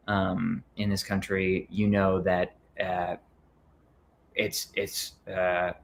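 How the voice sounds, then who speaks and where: A man's voice: low voice, gravelly, a little hiss or hum. A man being interviewed as a comic book writer, talking casually and hesitantly with many ums and restarts.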